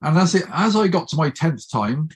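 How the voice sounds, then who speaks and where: A man's voice: a little high, normal speed, breathy edge. A middle-aged man telling a personal story as a chat-show guest, acting out the voices of the people he quotes. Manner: lively storyteller who acts out quoted speech. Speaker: guest speaker.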